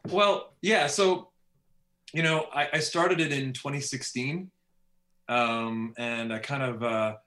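A man's voice: medium pitch, slow pace, a bit bright. A man from Canada, an author talking as a podcast guest in an easygoing way with light laughs. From Steinbach, Manitoba, Canada. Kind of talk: casual podcast interview. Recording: echoey room.

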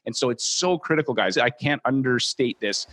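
A man's voice: medium pitch, normal speed, fairly bright tone. A man hosting a training podcast, speaking earnestly and encouragingly to his listeners as a mortgage brokerage trainer. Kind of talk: motivational training talk.

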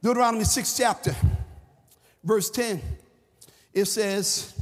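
Fervent man preaching, husky. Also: high-pitched, normal speed, long pauses. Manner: fervent, shouting, repetitive. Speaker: pastor. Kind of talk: sermon. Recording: reverberant church hall with music.

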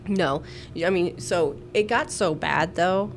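A woman's voice: fairly low pitch, slow pace, a little hiss or hum. Blunt, profane nurse woman. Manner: blunt, profane, laughing often. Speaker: podcast co-host, nurse. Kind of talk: casual chat.

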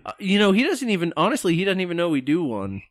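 A man's voice: high voice, sing-song, fast, dry recording, studio quality. Chatty man telling a story. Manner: rambling storyteller, acts out quotes, swears casually. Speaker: podcast co-host. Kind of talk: casual chat.

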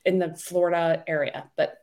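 A woman's voice: fairly low pitch, steady tone, normal speed, a little mellow. A woman co-hosting a podcast, chatting casually and hedging her choices with easy laughs. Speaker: podcast co-host. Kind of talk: casual chat.

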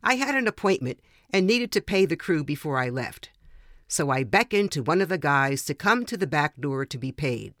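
An older woman reading a personal story aloud in a gentle, measured way, slowing down at pauses. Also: low-pitched, big pitch swings, no room sound, clean studio sound. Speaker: author reading her own story.

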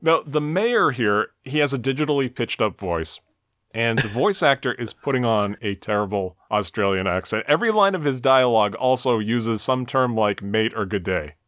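A man's voice: medium pitch, expressive, moderate pace, fairly bright tone, no room sound. A man hosting a podcast, recapping a cartoon episode in a dry, wry tone. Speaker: podcast host. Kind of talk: casual recap commentary.

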